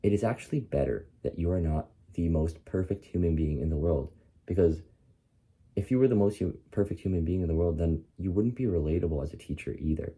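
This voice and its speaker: A young man in his twenties gives a rambling, profane pep talk to the camera, full of slang fillers. He sounds groggy and tired. His voice is low and mellow, with a husky edge. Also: a little fast. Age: 20s. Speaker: content creator. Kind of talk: casual motivational vlog.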